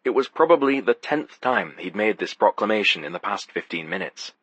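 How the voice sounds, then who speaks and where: Low, husky male narrator. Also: expressive, a little fast, fairly bright tone, no room sound. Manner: wry, sardonic. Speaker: audiobook narrator. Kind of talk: first-person audiobook narration.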